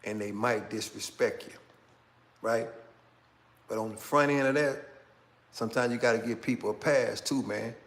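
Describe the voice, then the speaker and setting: A middle-aged man hosting his channel, talking in a slow, casual street style and tagging phrases with "man" and "right?". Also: mid-range voice, fairly even intonation, a bit bright. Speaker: channel host. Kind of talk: casual commentary monologue.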